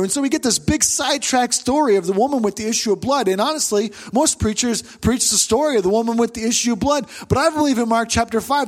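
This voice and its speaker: A middle-aged man preaching a sermon as pastor, telling the story with animation and loudly acting out the voices he quotes. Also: very high voice.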